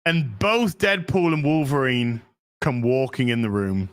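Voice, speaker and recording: A man hosting a podcast, excitedly retelling a film plot in casual chat, swearing freely and using lots of fillers. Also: mid-range voice, unhurried, smooth. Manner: excited, profane storytelling with many fillers. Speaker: podcast host. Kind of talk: casual movie recap chat.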